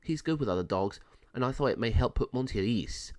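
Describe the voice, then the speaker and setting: A calm, practical dog rescuer, as a man reads him aloud in a storybook. He talks plainly and kindly at a middle pitch. The sound is dry and close. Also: fairly quick, no room sound, lightly acted.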